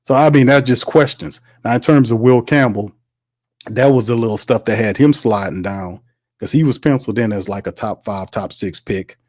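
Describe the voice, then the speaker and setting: A man talking sports to his viewers on a casual stream, voice sitting at an ordinary middle pitch. He's slangy and animated, tossing in "fam" and "bro", and drifts off into loose asides. The sound is dry and close, with no room around it. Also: moderate pace, dry recording. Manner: laughs and rambles between points. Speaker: sports talk show host. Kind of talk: casual livestream commentary.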